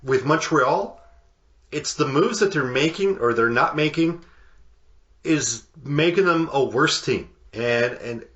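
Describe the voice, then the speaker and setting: A man co-hosting a casual sports podcast, talking in halting bursts with many restarts and fillers. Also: mid-range voice, pushed and bright, lo-fi sound. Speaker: podcast co-host. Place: home podcast studio.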